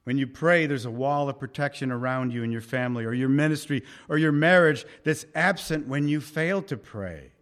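A middle-aged male pastor preaching a sermon and leading a closing prayer, emphatic with loud peaks that drop back soft. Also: medium pitch, moderate pace, hardly any pauses.

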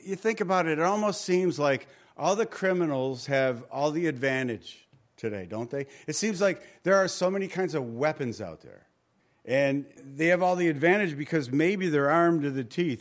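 Conversational preacher, higher-pitched man. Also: expressive, normal speed. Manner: conversational preaching with rhetorical questions. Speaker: pastor. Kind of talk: sermon.

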